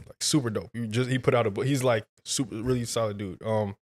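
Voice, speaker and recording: A man, a guest on a podcast, telling a personal story in an animated, slangy, casual way. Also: medium pitch, fast talker. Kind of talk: casual conversation.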